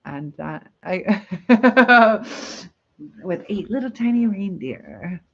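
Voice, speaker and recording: Woman hosting a live chat, chatty and rambling, reads comments aloud, middle pitch, slightly muffled audio. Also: animated, very slow, fairly bright tone. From Michigan, USA. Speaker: livestream host.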